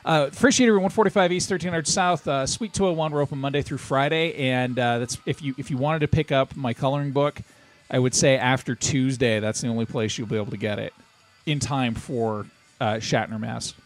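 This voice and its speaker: A man's voice: medium pitch, fairly quick. A man hosting a podcast, rambling through casual, self-mocking stories. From Utah. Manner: rambling, self-deprecating storyteller. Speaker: podcast host. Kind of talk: casual banter.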